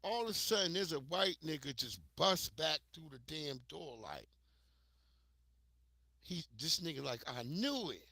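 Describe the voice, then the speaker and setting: An American man talks to his livestream viewers, spinning profane, animated stories. His voice is forceful and bright, pitched a little high for a man. The sound is dry and close. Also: measured pace, gravelly, pauses often, no echo. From United States. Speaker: livestream host. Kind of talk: casual storytelling on a livestream.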